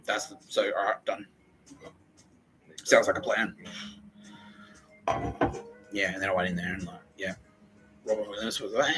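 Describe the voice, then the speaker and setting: A man's voice: fairly low pitch, fairly even intonation, moderate pace, pauses often, sharp tone, faint music behind, rough recording. A man in his forties hosting a podcast, rambling and joking with lots of swearing. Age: 40s. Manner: profane, jokey, rambling. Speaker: podcast host. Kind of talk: casual solo podcast monologue.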